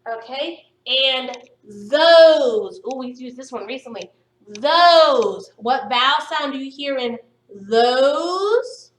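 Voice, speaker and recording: A woman teaching young children phonics, stretching out each sound slowly and praising them warmly. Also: sits high, lively intonation, far from the mic. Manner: slow, stretched-out sounding of words for young pupils; encouraging, upbeat praise. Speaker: primary school teacher. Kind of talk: recorded phonics lesson. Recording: echoey room, voice somewhat off-mic.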